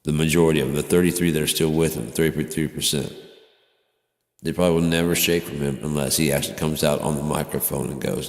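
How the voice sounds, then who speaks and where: A man's voice: a bass voice, steady tone, fast. A man rambling through a profane, sardonic monologue on his own channel. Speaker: vlogger. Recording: echoey room with long reverb.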